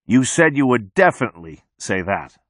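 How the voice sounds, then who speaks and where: A man's voice: mid-range voice, big pitch swings, moderate pace, fairly bright tone, no room sound. A man voicing a menacing male mechanic who taunts his captive in a raised, mocking voice, in a dry recording.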